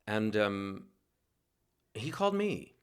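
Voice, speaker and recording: A man from New York City, a guest telling a lively, self-mocking story in a casual interview and laughing as he goes. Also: on the low side, takes it slowly, clear, resonant tone.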